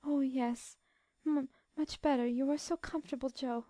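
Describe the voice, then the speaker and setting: A woman reading an audiobook, voicing a gentle teenage girl who sobs softly and pleads while in pain. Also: sits high, steady tone, moderate pace, no room sound, studio quality, voice pushed up, lightly acted. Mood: soft weary. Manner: soft, sobbing, pleading. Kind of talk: audiobook narration.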